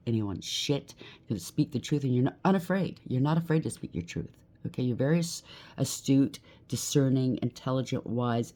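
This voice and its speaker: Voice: medium pitch, dark tone. A tarot reader giving a collective reading, blunt and emphatic, rattling off lists of traits and often checking in with "okay?".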